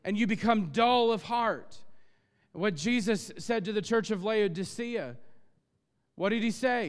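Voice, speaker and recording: High-voiced male pastor preaching with passion. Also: a little slow, clear, resonant tone. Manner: impassioned, rising to loud emphatic peaks. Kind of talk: sermon. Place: church sanctuary. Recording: long church reverb.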